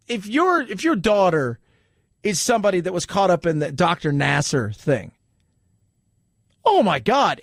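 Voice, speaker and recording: In a studio-quality recording with no echo, a high-voiced man hosts a talk radio show. He mocks the news with animated energy and keeps lurching into exaggerated impressions of the people he quotes.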